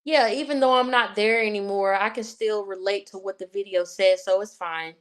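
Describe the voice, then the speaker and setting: A woman's voice: mid-range voice, normal speed. Southern Virginia woman, chatty interview guest. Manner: chatty storyteller, many fillers like "you know". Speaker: guest, sports writer and podcast host. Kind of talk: casual interview chat.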